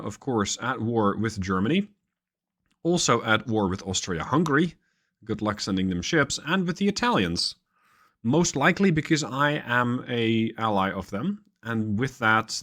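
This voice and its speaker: Man, gaming host, casual strategy commentary, wry, thinking aloud, average pitch. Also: a bit bright.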